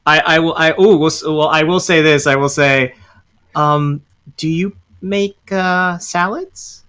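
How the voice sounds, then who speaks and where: A man's voice: on the high side, unhurried, sharp tone, clean tone. A man playing a tabletop game, talking hesitantly with frequent laughs. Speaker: player. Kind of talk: casual tabletop role-play.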